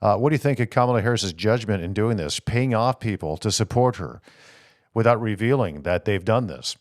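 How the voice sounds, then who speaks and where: Low-voiced man hosting a political talk show. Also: a little fast, dry recording, studio quality. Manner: animated, rhetorical questions, reads viewer comments aloud. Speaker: host.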